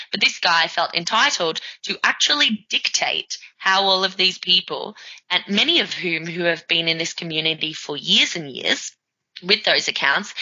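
A woman's voice: on the low side, sharp tone. A woman co-hosting a casual podcast, speaking emphatically in a heated rant. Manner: emphatic, ranting. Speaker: podcast co-host. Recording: dull lo-fi sound.

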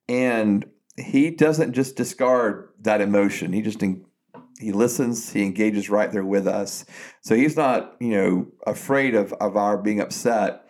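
Man retelling a story, halting and conversational. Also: on the low side, a little mellow. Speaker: podcast co-host. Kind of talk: casual faith discussion.

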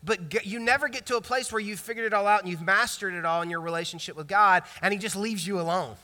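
A man in his thirties, a pastor preaching a sermon in a lively, conversational storytelling way. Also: sits high, quick pace. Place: church sanctuary. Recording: long reverb church hall.

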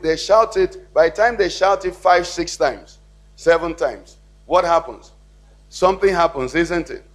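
A man preaches a sermon to his church. His voice sits high for a man, and he keeps checking that the congregation is with him. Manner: preaching with call-and-response questions to the congregation. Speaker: pastor.

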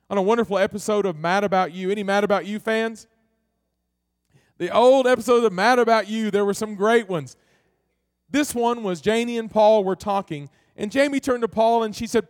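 A man with a notably high voice preaches a sermon as a pastor. He tells the story in a relaxed way, then eases off, slowing and quieting to press each point home. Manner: storytelling, slowing down and dropping soft to stress a point.

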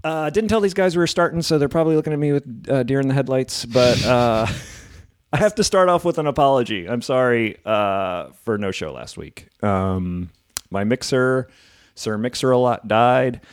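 A man's voice: medium pitch, moderate pace, clear, resonant tone, no echo, clean studio sound. A man hosting a comedy podcast in a rambling, chatty way, with lots of fillers and laughs. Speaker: podcast host. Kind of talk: casual chat.

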